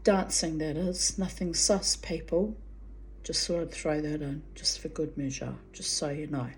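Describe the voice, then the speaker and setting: A woman's voice: deep voice, steady tone, unhurried. A middle-aged woman telling a personal story in a casual, frank way, swearing freely and adding chatty asides.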